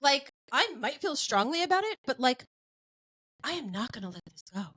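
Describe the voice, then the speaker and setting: A woman's voice: sits high, sing-song, moderate pace, sharp tone, rough recording. A woman in her forties hosting a podcast, talking bluntly and animatedly and laughing often. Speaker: podcast host. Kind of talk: casual podcast chat.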